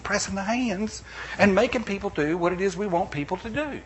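A middle-aged man preaching a sermon as pastor, animated, with playful asides and acted-out quotes. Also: high-pitched, brisk, slight background noise.

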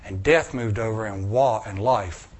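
A male preacher, telling a story in a sermon, acting out voices and swinging from loud bursts to hushed lines. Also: on the low side, measured pace.

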